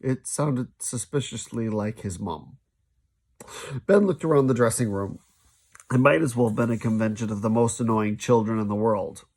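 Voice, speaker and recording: A man reading a children's novel aloud, lively, now and then stumbling and restarting a sentence. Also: lowish voice, normal speed. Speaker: storybook reader.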